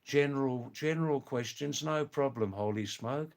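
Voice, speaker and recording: An older man from England, hosting a live stream, chatting casually with viewers in a slow, rambling way full of hesitant fillers. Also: medium pitch. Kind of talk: casual live chat reading viewer comments.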